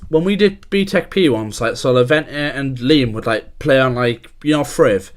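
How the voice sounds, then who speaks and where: A man's voice: medium pitch, a little slow, a crowd in the background. A young man, co-hosting a podcast and telling anecdotes in a rambling, filler-heavy casual chat. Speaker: podcast co-host.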